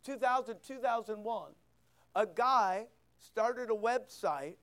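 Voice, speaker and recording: A man's voice: high voice, animated, slow pace, fairly bright tone. A man preaching a sermon as pastor, reading scripture aloud and asking the listeners questions in a conversational way.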